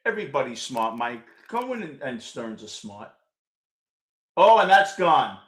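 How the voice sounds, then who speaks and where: A man in his sixties with a New York accent, hosting a fan postgame show, ranting bluntly and profanely and often shouting while he answers viewers' chat. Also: medium pitch, big pitch swings, measured pace. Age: 60s.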